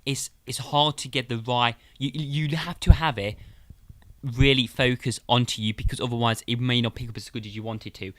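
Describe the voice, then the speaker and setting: A man's voice: medium pitch, fairly even intonation, brisk. A man giving a casual, chatty product review, repeating himself and calling his viewers guys. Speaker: tech reviewer.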